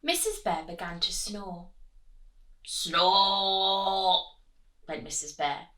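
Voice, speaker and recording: Animated woman reading a storybook. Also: on the low side, normal speed. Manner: animated, asks children questions, drops to whispers. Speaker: children's storyteller. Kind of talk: reading a picture book aloud to children. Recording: echoey room, distant mic.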